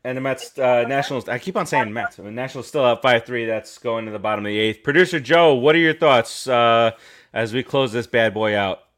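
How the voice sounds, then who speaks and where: A man's voice: mid-range voice, fairly quick, fairly bright tone. A man hosting a casual sports podcast, easygoing and chuckling as he moves the talk along. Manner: easygoing, chuckling, leads the segments. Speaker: podcast host.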